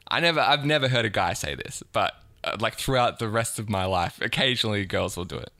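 A man co-hosting a podcast, chatting casually with dry, deadpan teasing. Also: fairly low pitch, brisk, no echo. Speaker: podcast co-host. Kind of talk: casual chat.

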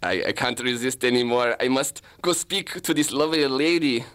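A man's voice: mid-range voice, drawn-out words, pushed and bright. A man playing a bumbling, lovestruck German detective faking a Russian accent in an improvised comedy sketch. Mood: hammy.

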